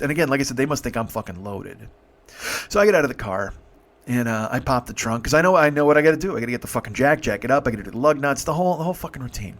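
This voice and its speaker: Man, 50s, comedy host, storytelling monologue, rambling, profane, frequent restarts, mid pitch. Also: fast, a bit bright.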